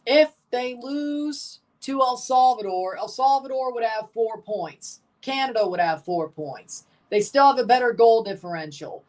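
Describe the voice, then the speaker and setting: A woman's voice: on the high side, expressive, a little slow, hardly any pauses, darkish tone, distant mic. Woman streamer reacting live to a soccer match, chatty, short play calls. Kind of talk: casual live match commentary.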